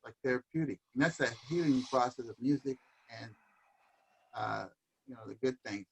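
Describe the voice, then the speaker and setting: A man's voice: mid-range voice, moderate pace, creaky, a little hiss or hum, poor audio. A man in casual conversation on a livestream, talking thoughtfully about music and dance and sometimes dropping in Spanish words. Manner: reflective, sprinkles in Spanish words. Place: home livestream.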